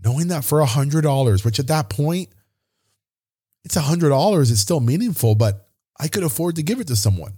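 A man's voice: on the high side, expressive, a little fast, mellow, slightly rough. A man hosting a podcast, telling a personal story in an earnest, openly emotional way. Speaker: podcast host.

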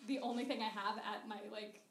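A woman's voice: mid-range voice, fairly even intonation, a little fast, recorded from a distance. A young woman telling a funny personal story on stage, talking chattily with lots of "like" and frequent laughter. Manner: chatty, says "like" a lot, laughs through the story. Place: live show venue. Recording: roomy live stage recording with noise.

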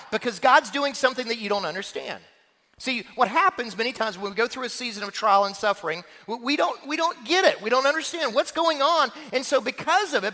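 A man's voice: high-pitched, bright, forceful tone, long reverb tail. A male pastor preaching a sermon, telling stories from his own childhood and asking questions of his congregation.

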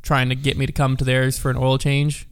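A man's voice: medium pitch, brisk, smooth. A man co-hosting a podcast, telling a story in casual chat with lots of fillers. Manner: storytelling, animated, many fillers. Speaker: podcast co-host.

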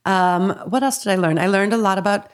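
A woman's voice: mid-range voice, a little fast. A woman chatting as a podcast guest, rambling and laughing easily. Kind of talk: casual chat.

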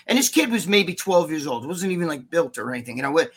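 A man telling a long anecdote on a podcast, animated and profane, acting out what others said. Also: fairly high pitch, fast talker, few pauses, slightly rough. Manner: animated storyteller, profane, acts out quotes. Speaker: podcast guest.

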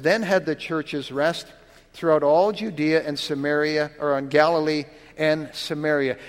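A man's voice: a little high, in a large hall. A pastor preaching a sermon in a conversational way, often asking his listeners rhetorical questions.

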